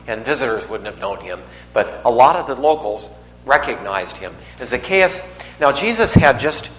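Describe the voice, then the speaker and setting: Recorded in an echoey hall with faint background noise, this man delivers a church sermon in a conversational way, trading jokes with the congregation. He speaks at a medium pitch, and his tone is fairly bright.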